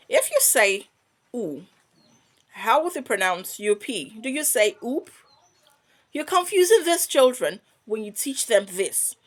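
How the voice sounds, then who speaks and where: A woman teaching pronunciation, modeling each vowel sound slowly and quizzing the listener. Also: mid-range voice, a bit bright. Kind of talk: slow, deliberate lesson.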